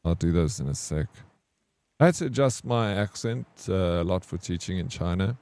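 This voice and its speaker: A man with a relaxed South African accent chats loosely on a live game stream. His voice sits low and warm. He rambles and restarts his sentences often. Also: normal speed. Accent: English South African. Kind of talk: casual gaming stream chat.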